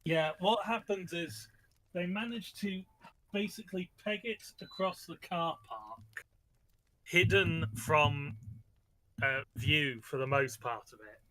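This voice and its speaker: Bright-voiced man rambling about a book. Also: on the high side, slow. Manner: rambling, many fillers and restarts. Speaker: podcast host discussing a book. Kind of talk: casual chat.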